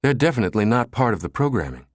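A man's voice: medium pitch, big pitch swings, racing, no room sound, studio quality, natural voice. A man doing an insistent female cryptographer. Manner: arguing, insistent.

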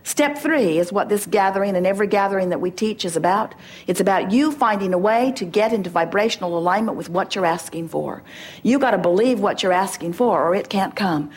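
A middle-aged woman giving an emphatic inspirational talk to a gathering, acting out little dialogues to make her points. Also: mid-range voice. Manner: emphatic, playful, acts out dialogues. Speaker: spiritual teacher.

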